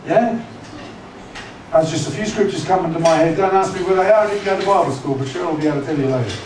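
High-voiced pastor in an echoey hall. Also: male voice, quick pace, a little mellow. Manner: conversational, teasing, asks the congregation questions. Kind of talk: sermon. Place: church hall. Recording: echoey church hall, distant mic, noisy.

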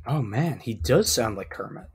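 Husky, wry male podcast co-host. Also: mid-range voice, moderate pace. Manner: blunt, wry, deadpan delivery. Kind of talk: casual chat, reading out profiles.

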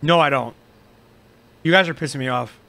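A man's voice: a little high, normal speed, gravelly, pushed and bright. A young man streaming, reacting casually and telling his side of the story in joking, defensive banter.

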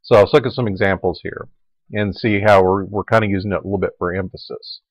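Male Latin teacher, low voice, relaxed lecture delivery, dry recording. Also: quick pace, dry recording, lo-fi sound. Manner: relaxed explaining, repeating forms aloud.

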